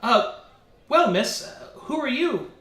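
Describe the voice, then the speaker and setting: A man's voice: extremely high pitch, very animated, takes it slowly, fairly bright tone, pitched above the performer's own voice, exaggerated voice. A man voicing a nervous, awkward young adventurer who stammers and hesitates. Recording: echoey room.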